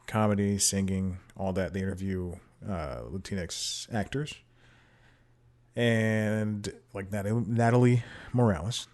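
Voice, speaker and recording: A man with a lowish voice rambles through a casual solo podcast intro, cracking self-deprecating jokes and laughing at himself. He talks into a desk microphone at home. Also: darkish tone. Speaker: podcast host. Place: home room with TV playing.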